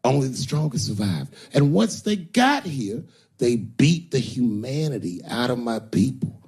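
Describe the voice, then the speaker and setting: A man's voice: fairly high pitch, a little mellow. A middle-aged man performing a stand-up comedy set, telling profane stories with sudden bursts of emphasis.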